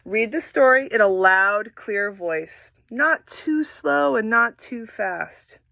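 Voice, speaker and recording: A woman walks children through reading aloud in a bright, sing-song teaching voice that swoops up and down. She takes her time, speaking slowly and clearly. The recording is close and dry. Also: a little high, no echo. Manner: animated, sing-song and encouraging, acting out story voices. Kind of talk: instructional read-aloud guidance for children.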